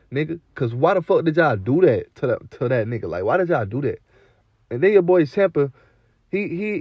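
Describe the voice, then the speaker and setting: Man, slightly high voice, loose profane slang rant; muffled dry home recording. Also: no echo. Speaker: wrestling show reviewer. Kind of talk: casual recap review.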